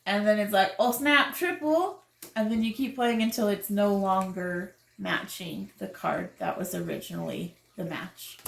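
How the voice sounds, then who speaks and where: A woman's voice: mid-range voice, steady tone, moderate pace, creaky, few pauses, echoey room. A woman casually explaining the rules of a card game step by step.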